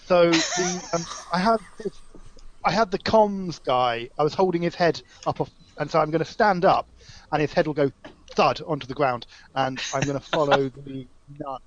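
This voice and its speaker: A man's voice: a little high, normal speed. Rambling man, slightly dull recording. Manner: rambling, describing his moves. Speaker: player. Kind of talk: tabletop game chat.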